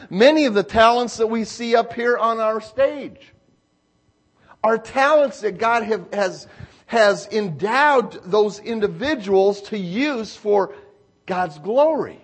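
Male pastor, high voice, sermon with storytelling and acted-out asides, frequent throat clearing. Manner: storytelling, acts out quotes, clears throat often. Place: church stage.

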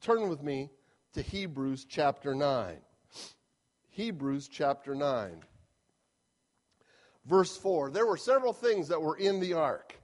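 Man, pastor, sermon, fairly high voice, emphatic repetition, middle-aged. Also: expressive, takes it slowly, pauses often.

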